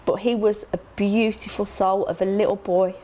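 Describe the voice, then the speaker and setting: A middle-aged woman talks openly and emotionally as an interview guest. She tells her memories quickly, acting out remembered conversations, and her voice jumps high when she gasps. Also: flat delivery, dark tone. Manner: emotional, acts out quoted dialogue with sudden high gasps. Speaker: interview guest, grieving mother.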